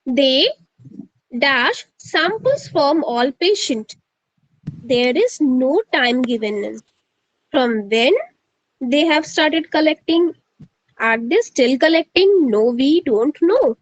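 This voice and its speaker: An Indian English woman with a high, bright voice teaches grammar in a live online class. She keeps asking her students questions and slips into Hindi to prod them. Her voice sounds close and dry, with no room around it. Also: lively intonation, takes it slowly, long pauses, no room sound, poor audio.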